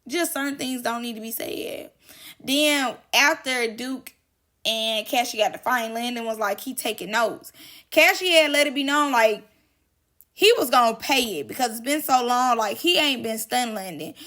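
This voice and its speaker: A woman's voice: on the high side, moderate pace, bright, forceful tone. A woman hosting casual gossip commentary, chatty and emphatic, drawing out her exclamations. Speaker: drama commentary host.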